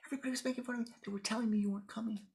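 A woman's voice: on the high side, steady tone, rapid-fire, darkish tone, husky, voice pushed up. A woman voicing an emotional female devotee who speaks to her Lord in a whisper. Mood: upset. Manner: whispered, breathless.

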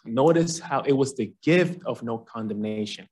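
A young man giving an earnest sermon at a campus fellowship, slowing down on key phrases. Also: mid-range voice, lively intonation, a little mellow. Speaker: guest speaker at a campus fellowship.

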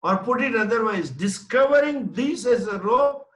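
A man's voice: very high-pitched, animated, normal speed, a bit bright, reverberant, faint music behind, low-quality recording. A man, a swami giving a Vedanta lecture to a class, explaining by repeating and rephrasing points with homely examples. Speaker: swami, spiritual teacher.

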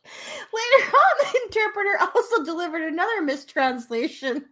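A woman's voice: extremely high pitch, sing-song, moderate pace, bright, forceful tone. A woman hosting a casual chat show, telling a story while laughing through her words. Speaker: podcast host.

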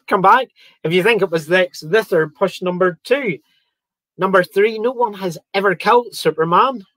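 A man's voice: high voice, fairly bright tone, dry recording. A man hosting a live online quiz, chatting with viewers and joking between questions. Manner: chatty, reads out viewer comments and jokes around. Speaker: quiz host. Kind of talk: live-streamed quiz chat.

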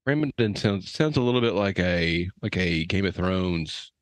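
A man's voice: sits low, lively intonation, moderate pace, dry recording. A man co-hosting a podcast, teasing his friends with wry jokes in casual banter. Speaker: podcast co-host.

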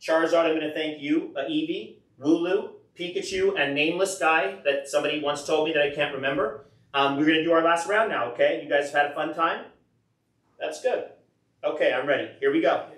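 A man's voice: on the high side, brisk, a bit bright. A middle-aged man rambling on a casual live stream, joking at his own expense and chatting with viewers, a little out of breath. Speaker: card collector streaming live.

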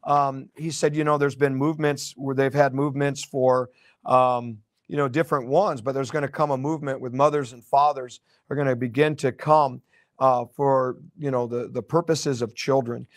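A man's voice: medium pitch, fairly even intonation, normal speed, no echo. Dry-sounding preacher, a man. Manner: conversational with fillers and repeated words, joking asides. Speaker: pastor. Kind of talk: prophetic sermon.

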